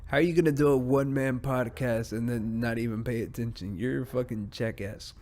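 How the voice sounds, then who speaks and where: Male solo podcaster, mid-pitched, swears a lot and rambles off track. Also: fairly even intonation, a little fast, a little mellow. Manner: profane, rambling rants; easily distracted, drifts off mid-sentence. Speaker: podcast host.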